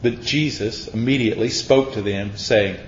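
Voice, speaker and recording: A man's voice: mid-range voice, normal speed, a little hiss or hum. A man preaching a sermon, dramatic and acting out voices from the Bible. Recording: echoey room, dull sound.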